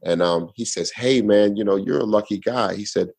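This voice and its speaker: A man's voice: lowish voice, moderate pace, vocal fry, darkish tone, rough recording. A male comedian guest telling a long story in a laid-back way, acting out the other people in it. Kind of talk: casual storytelling on a podcast.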